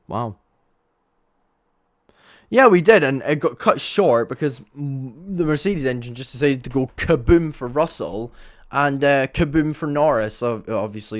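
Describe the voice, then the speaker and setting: A man's voice: mid-range voice, no room sound. Brief: Male streamer, exasperated, rambling race talk, dry close mic. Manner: exasperated, rambling, self-interrupting. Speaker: livestream host. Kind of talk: casual live race commentary.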